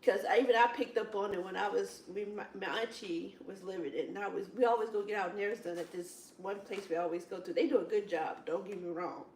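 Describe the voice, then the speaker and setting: A woman in casual chat at a Bible study, telling rambling, animated stories with lots of "it's like, wow.". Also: medium pitch, a little fast, few pauses, slight background noise. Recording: echoey room, distant from mic.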